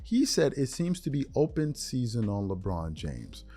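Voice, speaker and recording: Animated man ranting about sports fans. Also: medium pitch, moderate pace, soft background music. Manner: animated, mocking, swings between mutters and loud outbursts. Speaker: sports commentary host. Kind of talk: animated sports commentary rant.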